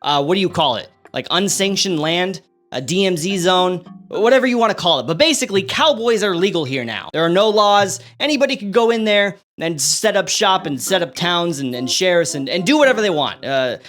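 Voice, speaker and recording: A young man giving a sarcastic, animated comedic commentary over a map, with big jumps in pitch for emphasis. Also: brisk, soft background music. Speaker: online creator.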